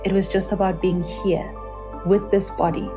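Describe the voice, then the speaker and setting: A woman's voice: level tone, normal speed, over music. A South African woman, a freediver, telling her story in an earnest, vivid interview, sometimes acting out the voices of others. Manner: earnest and vivid, acts out quoted voices in a higher pitch. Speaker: freediver, guest.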